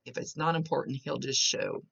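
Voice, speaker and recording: A woman psychic medium talks a client through a reading and relays images as they come to her, with many small restarts. Her voice has a gravelly edge. The recording is dull and lo-fi. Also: rumbling low, animated, a little fast, fairly bright tone. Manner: chatty, describing visions as they come with restarts.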